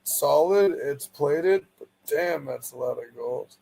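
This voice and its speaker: A man's voice: a little high, takes it slowly, gravelly, dark tone, husky, low-quality recording. A man from the United States, a guest on a stream, talking in a profane, rambling and blunt way. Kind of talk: casual stream chat.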